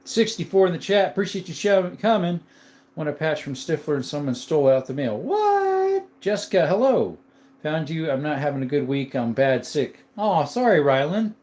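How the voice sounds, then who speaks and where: A man's voice: on the high side, brisk, a little mellow. Casual man hosting a chat stream. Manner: chatty, greets viewers by name, laughs often. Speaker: livestream host. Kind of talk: casual live chat reading comments.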